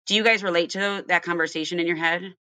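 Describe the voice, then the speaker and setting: A woman's voice: fairly low pitch, fairly even intonation, quick pace, pushed and bright, smooth, no echo. Ohio woman hosting a recovery podcast, earnest, tells stories, dry close mic. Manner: earnest, storytelling, asks listeners questions. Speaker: podcast host. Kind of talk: casual recovery podcast chat.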